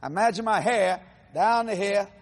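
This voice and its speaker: A man in his sixties preaching a testimony sermon, telling his story in a lively, animated way and acting out the voices of others, with casual folksy grammar. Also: sits high, normal speed, in a large hall. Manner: animated storytelling, acts out quotes.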